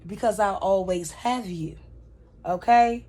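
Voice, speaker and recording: A woman voicing a scheming woman club owner in a mocking, drawn-out way. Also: mid-range voice, darkish tone. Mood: smug.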